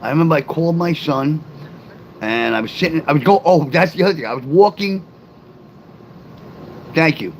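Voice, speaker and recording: Middle-aged man, livestream host, loose rambling delivery, answers his chat out loud, faint hum underneath. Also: on the high side, animated, moderate pace, pauses often, low-quality recording. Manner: rambling, talks straight to chat viewers; reads and answers live comments aloud.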